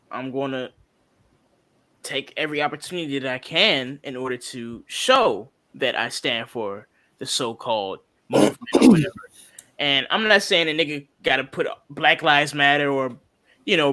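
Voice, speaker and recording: A man's voice: medium pitch, pushed and bright, no room sound. A man hosting a casual podcast, ranting with passion and a lot of swearing, a little drunk. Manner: impassioned, profane, rambling rant. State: tipsy. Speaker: podcast host.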